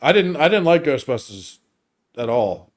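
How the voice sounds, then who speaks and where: A man co-hosting a casual movie review podcast who hesitates, repeats his words and lets his voice trail off quietly. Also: fairly high pitch, very animated, normal speed. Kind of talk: casual chat.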